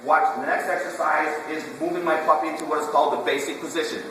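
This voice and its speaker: A man's voice: on the high side, level tone, fast. Echoey distant man coaching a puppy class. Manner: drill-like, quizzing the class, repeating commands. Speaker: dog trainer. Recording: echoey hall, distant camera, room noise.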